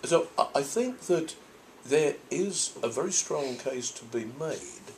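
A man's voice: on the high side, lively intonation, takes it slowly, a little hiss or hum. An older man from Norfolk, a priest, answers audience questions in a thoughtful, rambling way with frequent restarts. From Norfolk, England. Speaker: priest and convention guest.

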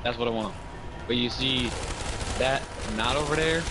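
A man's voice: medium pitch, normal speed, noisy background. A young man complaining indignantly in casual game chat with friends. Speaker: player.

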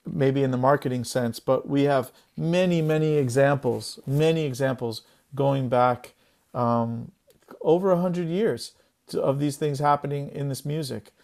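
A man on a webinar call, his voice pitched in the middle range. He muses aloud, reflective and unhurried, as a panelist. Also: steady tone, creaky, a little mellow. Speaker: panelist, music scholar. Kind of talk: casual webinar discussion. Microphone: video call.

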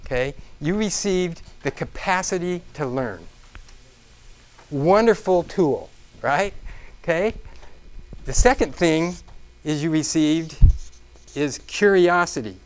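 Animated man giving a live seminar. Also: on the high side, slow pace, long pauses, clear, resonant tone. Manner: interactive, checks in with frequent "okay?"; animated, acts out exclamations. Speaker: seminar presenter. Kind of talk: live business seminar talk. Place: room with a live audience.

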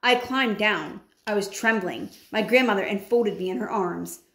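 A woman reads a children's story aloud with lively expression, stopping now and then for chatty asides. Her voice sits at a middle pitch and rings in a roomy, echoey space. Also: moderate pace. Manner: animated, adds chatty comments. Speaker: teacher reading aloud. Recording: roomy echo.

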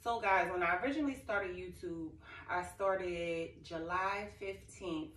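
A woman's voice: on the low side, a little slow, fairly bright tone, a little hiss or hum. A young woman vlogging to camera, telling an emotional, rambling story in casual talk. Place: living room. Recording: echoey room, far from mic.

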